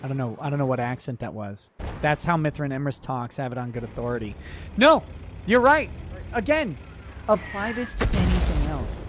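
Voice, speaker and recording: A man streaming a game, reading out viewer messages and ranting loudly with frequent laughter. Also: a little high, sing-song, normal speed, background noise. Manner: loud, laughing, exaggerated rants. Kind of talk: casual ranting commentary while gaming.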